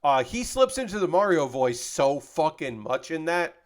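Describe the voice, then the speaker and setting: A man's voice: a little high, sing-song, moderate pace. A man chatting casually on a live stream while building LEGO, rambling and swearing freely as he reads out chat messages.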